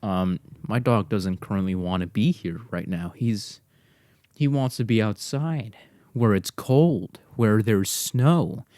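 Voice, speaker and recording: A man's voice: on the low side, slow, a little mellow, no echo, clean studio sound. A man hosting his own podcast from his garage, chatting casually in a rambling, self-deprecating way. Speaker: podcast host. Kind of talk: casual solo podcast monologue. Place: home garage. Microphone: desk mic to computer.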